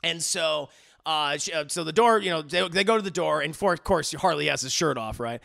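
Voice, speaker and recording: A man giving a rambling, comedic movie recap, animated and full of profanity and restarts. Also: a little high, brisk, vocal fry. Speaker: movie reviewer.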